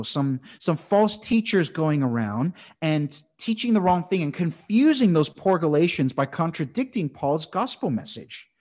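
A man in his thirties preaching a conversational, animated sermon as a pastor, teaching through a Bible passage. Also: high voice.

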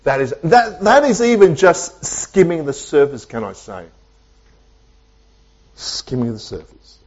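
A male pastor delivering a sermon in a church, preaching emphatically with repetition and dramatic pauses. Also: a little high, sing-song, a little mellow, lo-fi sound. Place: church with online Zoom audience.

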